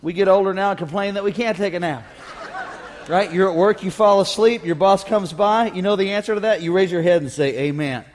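Male pastor, high voice, playful call-and-response preaching, reverberant sanctuary. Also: a little fast. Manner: humorous, call-and-response with congregation. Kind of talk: sermon. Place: church sanctuary. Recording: long reverb of a church hall.

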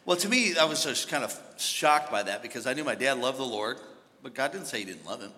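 A man preaching a sermon as pastor, moving between hushed storytelling and shouted exhortation. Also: mid-range voice, animated, brisk, big-room sound. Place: large church.

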